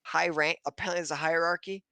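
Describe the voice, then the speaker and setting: A man's voice: fairly high pitch, steady tone, vocal fry, pushed and bright, dry recording. A man co-hosting a podcast stream, recapping an episode in a casual, swear-filled ramble, laughing and briefly mimicking characters. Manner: swearing, laughing, acting out characters in quick voices. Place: home setup on a stream.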